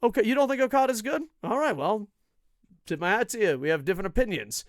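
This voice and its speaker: Here the wrestling stream host talks fast in a high-pitched voice, keeping up his profane, sarcastic, animated rant to camera. The recording is dry and clean, with studio quality.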